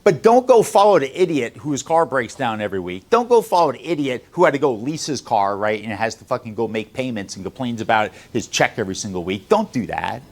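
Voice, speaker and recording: ブツブツ言いながら社員を叱咤する男性. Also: male voice, sing-song, brisk, few pauses. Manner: blunt, profane, lecturing, swings between loud and low. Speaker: sales company owner addressing staff. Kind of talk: motivational talk to employees.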